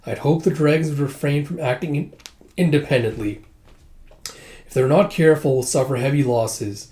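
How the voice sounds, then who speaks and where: A man voicing a cold, calculating male commander from a manga, reading his lines calmly and sternly. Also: on the high side, moderate pace, natural voice.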